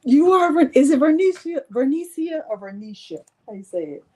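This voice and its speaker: A woman's voice: high-pitched, lively intonation, moderate pace, darkish tone. A woman hosting a live crafting stream, chatting with her viewers in a playful, self-mocking way. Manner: chatty, talks straight to viewers. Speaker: crafting channel host.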